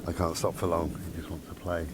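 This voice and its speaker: A man with a low voice speaks fairly quickly in a level tone while vlogging in a park on his handheld camera mic. Chatty and rambling, a bit out of breath from walking, he talks to his dog now and then. Faint background noise from outdoors comes through.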